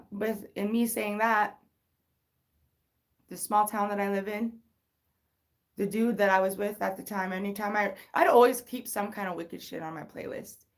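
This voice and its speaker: A woman's voice: medium pitch, creaky. A woman in her thirties telling a personal story on a casual livestream, candid and rambling, full of swearing and restarts. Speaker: livestream host.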